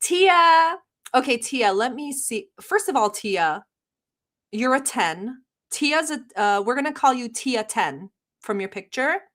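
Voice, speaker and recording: A woman's voice: sits high, lively intonation, takes it slowly, a bit bright. Blunt, sarcastic woman ranting on camera. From Middle East. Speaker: commentary channel host. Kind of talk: reaction commentary.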